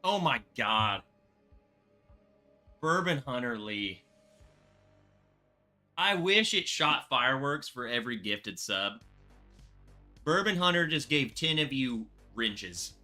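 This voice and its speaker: A man hosting a casual bourbon livestream, excitable and rambling, thanking viewers by name. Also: medium pitch, takes it slowly, long pauses, faint music behind.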